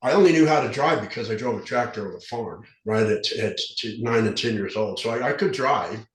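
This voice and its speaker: A man's voice: lowish voice, animated, brisk. Lisping man telling his story, echoey room. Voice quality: slight lisp from dentures. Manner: earnest, rambling, frequent restarts. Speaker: podcast guest, recovery specialist. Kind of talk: candid storytelling in an interview. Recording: roomy echo.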